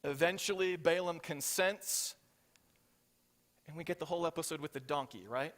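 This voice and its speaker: A man preaching a sermon as pastor, telling the story with animated voices for the characters and often checking in with the congregation. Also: fairly high pitch, normal speed. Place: church hall. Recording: reverberant hall.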